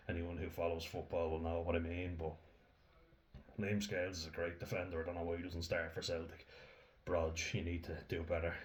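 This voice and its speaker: Young dublin guy with a really deep voice, ranting casually, swears a lot, rambles on. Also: a little hiss or hum. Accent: Irish, Dublin. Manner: swears freely, rambling and blunt, laughs often.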